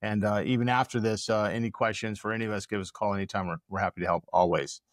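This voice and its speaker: A man's voice: lowish voice, fairly even intonation, fast, no room sound. A man hosting a casual podcast chat in a studio, rambling and searching for words with many fillers. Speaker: podcast host. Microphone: studio microphone.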